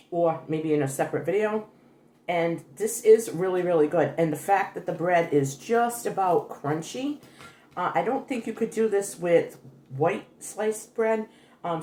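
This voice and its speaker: A woman's voice: lowish voice, darkish tone, reverberant, a little hiss or hum. An older woman hosting a homey cooking vlog, chatty and correcting herself as she talks through a recipe in her kitchen. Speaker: cooking vlogger. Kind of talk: casual cooking demonstration. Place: home kitchen.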